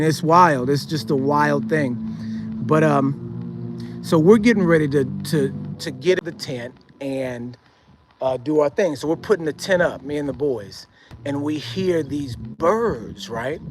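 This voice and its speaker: A man casually telling a personal story as a podcast host, in an animated way, now and then mimicking hooting bird calls. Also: a little slow, a little hiss or hum, rough recording. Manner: animated, imitates bird calls in a high hoot.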